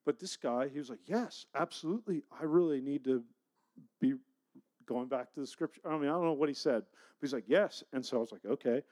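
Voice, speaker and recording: A man, a pastor, telling a personal story in a conversational, animated sermon style. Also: mid-range voice, a little fast. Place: church.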